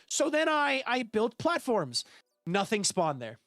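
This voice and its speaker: A high, lively male streamer chatting his way through a building game, his voice rising and falling as he greets and thanks viewers one after another. Faint music runs in the background throughout. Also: slow pace, no room sound, studio quality. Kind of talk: live gameplay stream chat.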